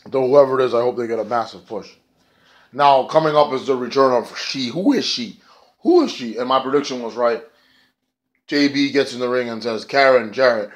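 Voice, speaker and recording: A man's voice: medium pitch, steady tone, fairly quick. Profane rambling male reviewer. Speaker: wrestling show reviewer. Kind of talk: casual spoken review.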